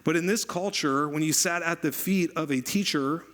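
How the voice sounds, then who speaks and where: A man preaching a sermon as pastor, conversational and animated, repeating phrases for emphasis. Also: a little high, normal speed.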